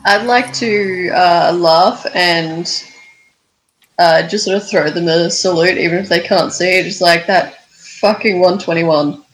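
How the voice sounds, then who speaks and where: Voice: medium pitch, fairly even intonation, measured pace, fairly bright tone, husky, low-quality recording. A player in a tabletop game, talking casually and a bit hesitantly.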